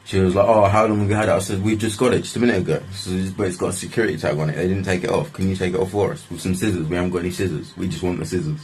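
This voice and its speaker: A man's voice: deep voice, fairly even intonation, very fast, few pauses, darkish tone, slight background noise. A young man, telling a story in a casual, rambling way, full of swearing and "like". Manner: rambling, swears often, restarts lines with "like". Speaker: vlogger.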